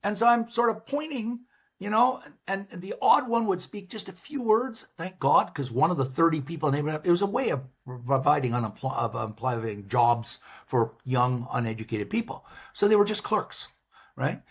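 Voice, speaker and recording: An older man with a Canadian accent, a business professor guest in an interview, telling stories in a lively, animated way. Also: a little high, normal speed, breathy edge. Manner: lively, animated, acts out his own past lines. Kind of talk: storytelling in an interview. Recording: dull, lo-fi sound.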